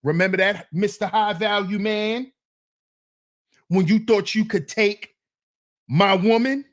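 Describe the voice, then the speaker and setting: A man hosting a solo commentary show, reacting to a clip with teasing, drawn-out rhetorical questions. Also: sits high. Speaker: commentary channel host.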